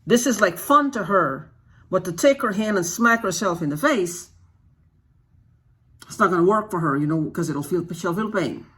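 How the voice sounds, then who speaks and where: Agitated and expressive, this YouTube host delivers an unscripted vlog monologue at a moderate pace, in a husky, slightly rough mid-range voice with a bright, forceful tone. Rhetorical questions come one after another, sentences frequently break off and start again, and important phrases are repeated for emphasis.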